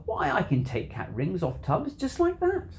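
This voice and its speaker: Reader putting on a sly sing-song storybook cat, swooping pitch, dark mellow tone, slow. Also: wildly swooping pitch, slight background noise. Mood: playful. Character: mischievous grinning cat in a tall hat. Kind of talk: storybook reading.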